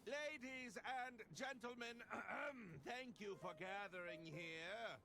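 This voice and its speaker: A man's voice: high-pitched, slow pace, sharp tone, heavily acted. An actor playing a grandiose, pompous male detective in a video game, with an unplaced foreign accent. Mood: grandstanding. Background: game music.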